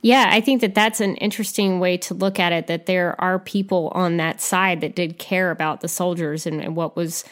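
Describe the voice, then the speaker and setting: A woman's voice: on the low side, fairly even intonation, moderate pace, hardly any pauses. A woman casually discussing a film, hedging her points and hesitant, with restarts.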